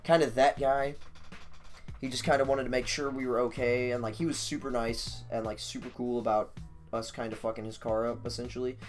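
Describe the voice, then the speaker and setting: A man streaming, telling a story casually in a profane, animated, rambling way. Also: mid-range voice, brisk, faint music behind.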